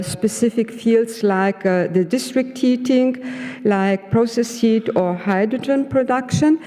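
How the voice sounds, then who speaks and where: A woman's voice: a little high, mellow. A woman heading a research unit, giving a hesitant summary of a panel at a conference with many filler sounds. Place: large conference hall. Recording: echoey conference hall.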